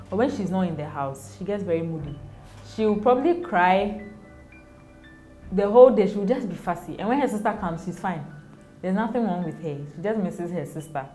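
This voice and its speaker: A young Ghanaian mother of two chats in a casual interview, speaking animatedly, laughing often, and acting out the voices she quotes. Her voice is mid-range and a little mellow.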